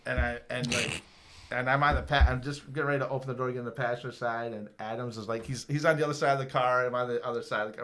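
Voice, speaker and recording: A man's voice: medium pitch, a bit bright. A man in his fifties telling a long, profane story on a podcast, laughing often and acting out the people in it. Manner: profane, laughing, acts out quoted voices. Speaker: guest storyteller. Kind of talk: casual storytelling.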